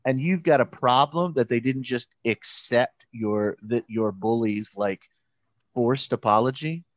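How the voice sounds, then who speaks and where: A man telling a camp story in a casual chat, mid-pitched and close to the mic. He talks in an animated, halting way, restarting his sentences and slipping into quoted voices. The room is dry, with no echo. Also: highs cut off. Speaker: pastor and camp counselor.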